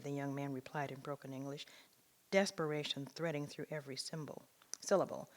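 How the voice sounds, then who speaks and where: A woman, a writer, reading her own memoir piece aloud in a measured, expressive way. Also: extremely low pitch.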